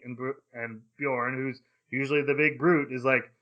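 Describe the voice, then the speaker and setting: A grown man talks through a story on a casual podcast, full of fillers and breezy paraphrase. His pitch sits in an ordinary middle range. The audio is a bit dull and lo-fi. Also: steady tone, fairly quick. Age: adult. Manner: recaps the plot at length with fillers and playful paraphrased quotes. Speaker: podcast host. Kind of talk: casual anime discussion podcast.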